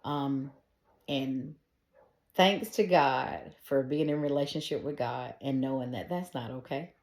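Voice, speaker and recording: A middle-aged woman with a low, deep voice shares her faith testimony in a casual, earnest way, talking directly to her listeners. She sounds like she is in an echoey room. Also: a little slow, a little mellow. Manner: earnest and conversational, talks straight to her listeners.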